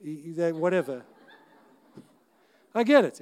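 A man preaching a sermon in an earnest, conversational way, breaking off to restart sentences and suddenly getting louder. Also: on the high side, lively intonation, a little slow. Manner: earnest, conversational, with self-interrupting restarts and sudden rises in volume. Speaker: pastor.

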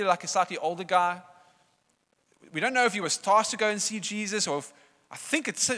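Lively preacher in a hall. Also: male voice, high-pitched. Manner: conversational, animated, laughs often. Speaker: pastor. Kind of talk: sermon. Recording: long reverb of a church hall.

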